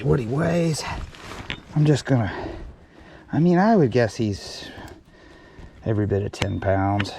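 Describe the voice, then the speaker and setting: A man filming himself fishing a small creek outdoors, chatting excitedly and talking to the fish as he reels them in. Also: medium pitch, gravelly, a little hiss or hum. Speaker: fishing vlogger. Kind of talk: casual on-the-spot fishing vlog.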